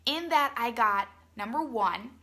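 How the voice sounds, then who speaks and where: A woman's voice: on the high side, animated, measured pace, sharp tone. A young woman chatting effusively to her team on a live video, full of "like" and "you guys". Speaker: beauty product distributor.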